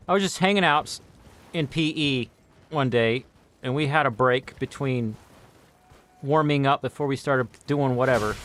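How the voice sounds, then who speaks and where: A young man talks casually while he plays, spinning stories and slipping into funny voices. His pitch sits a little high and jumps around a lot. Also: a little hiss or hum. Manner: animated storytelling with put-on voices. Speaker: streamer. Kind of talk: casual chat while gaming.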